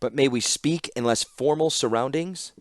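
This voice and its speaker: A man voicing a proud, cunning woman artificer who speaks in formal, flattering address. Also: mid-range voice, normal speed, no echo, studio quality, voice pushed up, lightly acted.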